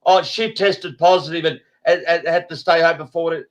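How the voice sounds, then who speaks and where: A man's voice: a little high, steady tone, moderate pace. A man hosting a casual group chat over a video call, blunt and rambling, swearing often. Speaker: host.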